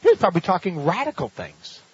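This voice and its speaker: Animated, high-voiced male preacher. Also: fast talker, husky, lo-fi sound. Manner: animated, dramatic storytelling with laughs and rhetorical questions. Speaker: pastor. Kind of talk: sermon.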